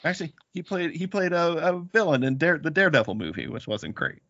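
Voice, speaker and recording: A man's voice: a little high, sing-song, a little fast, fairly bright tone, no room sound, dull audio. A man hosting a casual movie podcast, joking and boasting playfully with his brothers. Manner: playful, boastful banter with laughs. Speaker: podcast host.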